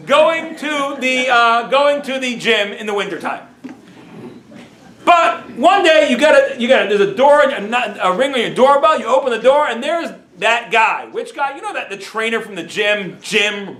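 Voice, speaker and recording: A man, a rabbi, teaching a lively class and telling stories, dropping in Yiddish and Hebrew words. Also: very high voice, normal speed, a little hiss or hum. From United States. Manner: animated storyteller, sprinkles Yiddish and Hebrew words, self-amused. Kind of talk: lively Torah class lecture. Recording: roomy echo.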